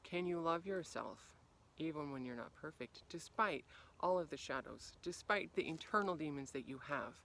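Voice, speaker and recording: A woman life coach speaks to camera outdoors on a freezing day. She talks with animated energy and plays out little scenes with sudden leaps in pitch and loudness. On her reflective points she turns soft and quiet. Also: slight background noise. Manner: animated, acts out quoted reactions with big swings in pitch and volume. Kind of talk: motivational talk to camera.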